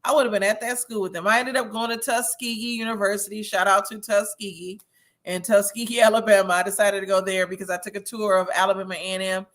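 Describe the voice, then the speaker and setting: Bright-voiced, gossipy woman host, a bit tipsy. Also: mid-range voice, steady tone, quick pace. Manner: chatty, gossipy, laughs often. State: a little tipsy. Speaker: host of a reality-TV review livestream. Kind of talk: casual livestream chat reading viewer comments.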